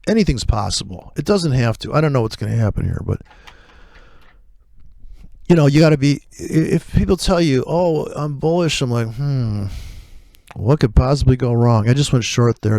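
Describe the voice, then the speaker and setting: A man talks through his live trades in a gravelly voice, blunt and swearing freely as he rambles between asides. His voice sits at a middling pitch and sounds close and dry. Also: darkish tone, no echo. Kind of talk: profane live trading commentary.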